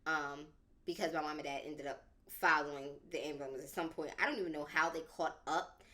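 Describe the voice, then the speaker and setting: A young woman tells a personal story on a podcast in a casual, animated way, with a lot of slang. Her voice sits a little low but has a bright, forceful edge. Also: brisk. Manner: animated and dramatic, slangy, lots of "like". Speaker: podcast speaker.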